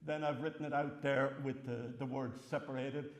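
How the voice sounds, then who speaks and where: An older Irish man giving a wry, animated farewell lecture with slides in a large hall. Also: mid-range voice, normal speed. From Ireland. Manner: wry, animated storytelling with chuckles. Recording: long hall reverb.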